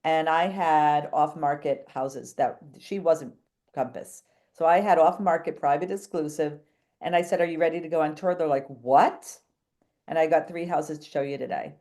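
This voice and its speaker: A woman talks as a guest on a podcast, telling a long story in a chatty way. Her voice sits on the low side. She jumps from one thought to the next and acts out the people she quotes. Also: moderate pace, dark tone. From New England. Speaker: real estate agent, podcast guest. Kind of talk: animated storytelling in a podcast interview.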